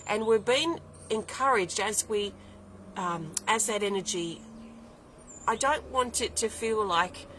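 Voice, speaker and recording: Woman card reader, lower voice, flowing and repetitive delivery, faint room noise. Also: pushed and bright, rough recording. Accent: non-American English accent. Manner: flowing, repeats and lists words, thinks aloud. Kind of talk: weekly spiritual card reading.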